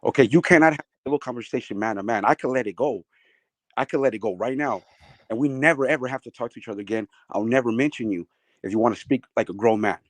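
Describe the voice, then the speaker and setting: A man's voice: mid-range voice, fast talker, no echo. Blunt guy calling in, lectures the other guy, mid voice, dry. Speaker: caller. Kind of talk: heated online argument.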